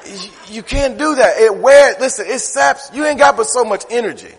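A man's voice: very high-pitched, moderate pace, hardly any pauses, long reverb tail. A man preaching a sermon, talking conversationally and firing off rhetorical questions. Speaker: pastor.

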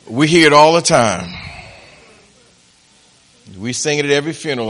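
High-voiced preacher in an echoing hall. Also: male voice, lively intonation, moderate pace. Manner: preaching with humor, rising to loud, laughing punchlines. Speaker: pastor. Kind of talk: sermon.

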